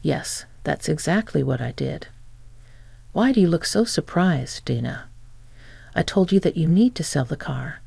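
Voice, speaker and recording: A woman's voice: sits low, expressive, a little slow, creaky, mellow, breathy edge, no room sound, exaggerated voice. A woman voicing a smug, entitled middle-aged mother-in-law who speaks nonchalantly and taunts.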